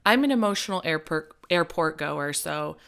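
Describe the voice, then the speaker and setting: Emphatic woman podcast co-host, bright tone, animated chat. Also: sits low, normal speed, gravelly. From Nebraska. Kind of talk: casual chat.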